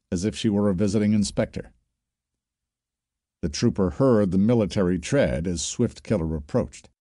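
A man narrating a science-fiction story as an audiobook, telling it steadily with expressive shifts. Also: lowish voice, no room sound, clean studio sound.

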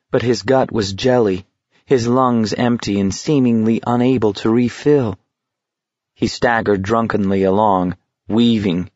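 A man reads an audiobook in a slow, deliberate, steady voice. The recording is close and dry, with no room sound at all. The sound is somewhat dull and lo-fi. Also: medium pitch, dry recording. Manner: measured, steady reading. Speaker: narrator. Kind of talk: audiobook narration.

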